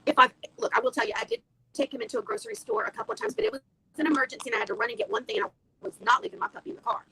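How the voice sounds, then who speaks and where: A woman's voice: high-pitched, sing-song, rapid-fire, vocal fry, bright, forceful tone, breathy edge, no echo, rough recording. A woman hosting a casual live-stream chat from home, talking in a chatty, flustered, apologetic way. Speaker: host. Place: home, at a computer. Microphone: phone as camera.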